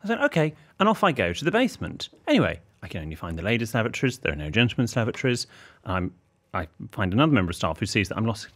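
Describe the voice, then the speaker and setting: Prim, lively-voiced man in his thirties. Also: mid-range voice, quick pace. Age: 30s. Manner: prim, precise storyteller who gets indignant and acts out the people in his anecdotes. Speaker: podcast co-host, etiquette expert. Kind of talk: casual podcast chat.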